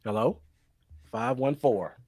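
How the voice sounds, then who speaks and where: A man hosting a call-in fan podcast, talking casually and easily to his listeners. His voice sits at an ordinary pitch and is picked up dry and close, with no room sound. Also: slow, darkish tone, dry recording. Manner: easygoing, talks to the audience. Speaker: podcast host running call-ins. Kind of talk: casual chat.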